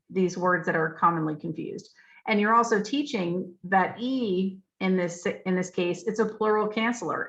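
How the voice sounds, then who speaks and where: A woman's voice: fairly low pitch, creaky, highs cut off. A woman leading a literacy training session for teachers, explaining spelling patterns and spelling out letters with frequent check-ins. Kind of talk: professional development talk.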